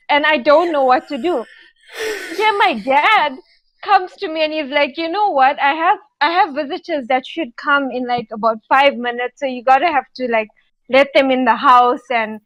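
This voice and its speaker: A woman on a podcast telling a rambling story in casual chat, animated and giggly with lots of fillers. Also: high voice, no echo, rough recording. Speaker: podcast co-host.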